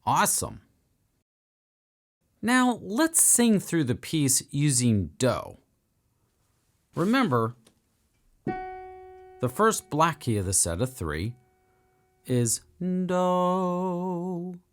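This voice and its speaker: A man's voice: a little high, big pitch swings, very slow, pauses often. A man teaching a beginner piano lesson for children, upbeat and encouraging as he counts and sings along.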